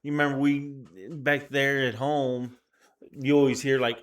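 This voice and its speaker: Tired guy on a podcast, animated storyteller, does little voices. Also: mid-range voice, unhurried. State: tired, yawning. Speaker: podcast co-host. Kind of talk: casual chat.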